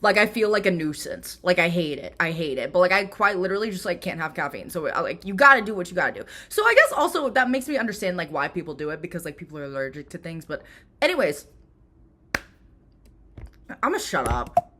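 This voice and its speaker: A woman's voice: on the low side, very animated, quick pace, bright, forceful tone. A young woman vlogging in a casual, chatty way. She tells stories with energy and says "like" a lot. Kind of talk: casual chat.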